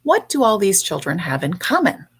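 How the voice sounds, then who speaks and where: A woman's voice: medium pitch, big pitch swings, moderate pace, slightly rough. A woman hosting a livestream, ranting bluntly and sarcastically with frequent swearing. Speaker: livestream host.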